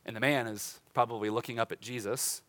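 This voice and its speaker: A young adult man, a pastor, preaching a conversational sermon, chatty and light, slowing down for dramatic lines. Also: mid-range voice, fairly even intonation, a bit bright. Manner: conversational, with laughs and dramatic slowdowns.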